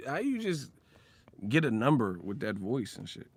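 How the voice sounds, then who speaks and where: A man's voice: mid-range voice, sing-song, moderate pace. A young man ranting in slang for a casual boxing vlog, swearing and laughing as he talks. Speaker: boxing commentary vlogger. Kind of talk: casual rant.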